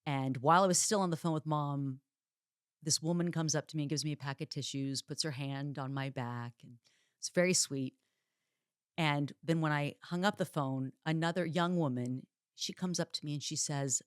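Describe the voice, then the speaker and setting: A woman hosting a solo podcast, telling personal stories in a candid, chatty way with dark jokes. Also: sits low, normal speed, clear, resonant tone, no room sound, studio quality. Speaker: podcast host. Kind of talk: solo podcast monologue, casual storytelling.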